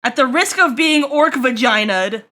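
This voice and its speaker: A woman chats with her viewers during a livestream, making crude jokes as she goes. Her voice sits high and sounds bright and sharp. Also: lively intonation, unhurried. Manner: crude, joking, chatty with viewers. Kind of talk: casual stream chat while drawing.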